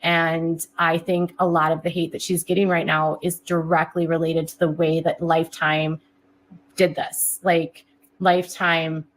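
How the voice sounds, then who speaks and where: A woman's voice: low voice, a little hiss or hum. A woman creator talking casually to her audience, rambling and self-deprecating with many fillers. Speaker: online content creator. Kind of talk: casual talk to camera.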